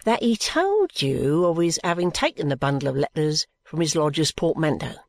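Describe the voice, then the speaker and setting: A woman reading aloud and voicing an anxious young male law clerk who talks in a nervy, hushed, conspiratorial way. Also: deep voice, very animated, normal speed, gravelly, no echo, exaggerated voice. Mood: whispered scheming.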